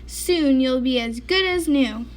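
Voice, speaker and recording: Woman doing a bright, chirpy little storybook mouse, eager and bustling. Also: high voice, unhurried. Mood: cheerful. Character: small cheerful helpful male mouse.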